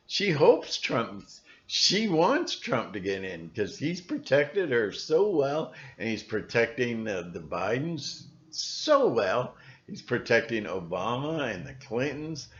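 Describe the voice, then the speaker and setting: A man's voice: medium pitch, very animated, slow pace, fairly bright tone. A man ranting on his own video channel in a rambling, sardonic monologue, with many restarts. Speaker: video blogger. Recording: dull lo-fi recording.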